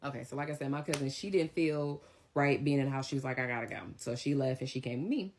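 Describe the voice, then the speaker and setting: A young adult woman telling a story in a casual storytime style, animated and emphatic, jumping up in pitch when she quotes people. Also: fast. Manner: animated, emphatic retelling with sharp pitch jumps for quoted lines.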